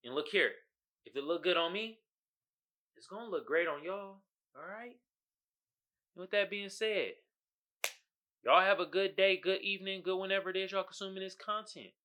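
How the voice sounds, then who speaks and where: A man's voice: high voice, normal speed, long pauses. A man hosting his own podcast in casual, joking chat, talking straight to his audience. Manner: animated, joking, talks to the audience as "y'all". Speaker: podcast host.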